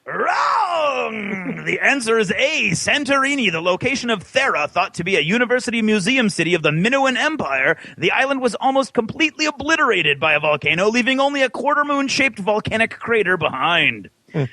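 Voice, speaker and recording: A man hosting a gaming podcast quiz in a theatrical, booming voice that rides high and swings widely. His tone is bright and ringing, and the recording is close and dry. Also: very animated, brisk, dry recording, low-quality recording. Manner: theatrical, booming mock-scolding announcements. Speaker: podcast host running a trivia quiz. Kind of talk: quiz host with dramatic read-out trivia.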